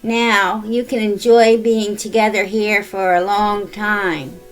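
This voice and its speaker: A woman voicing an eerie old ghost woman who speaks in a slow, sugary, menacing way. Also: medium pitch, level tone, soft background music, natural voice, low-quality recording. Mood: gloating.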